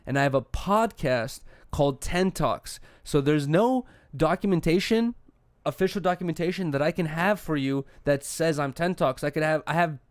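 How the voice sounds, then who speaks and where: A young man hosting a casual podcast chat, telling an animated, exasperated story with plenty of swearing. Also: on the high side, no echo, clean studio sound. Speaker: podcast host.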